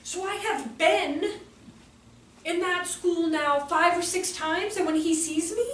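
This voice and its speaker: A woman's voice: extremely high pitch, takes it slowly, a little hiss or hum. A woman presenting a live workshop for teachers, telling chatty stories and acting out quotes in voices, recorded in a room with an audience. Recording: echoey room, distant mic, faint ambience.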